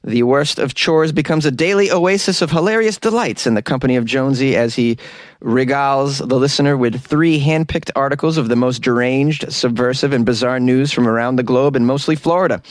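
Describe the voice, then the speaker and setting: A man's voice: medium pitch, a little fast, no echo, studio quality. An American man hosting a podcast, casually reading listener reviews aloud in a jokey, self-deprecating way and laughing often. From United States. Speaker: podcast host. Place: small hot closet used as studio.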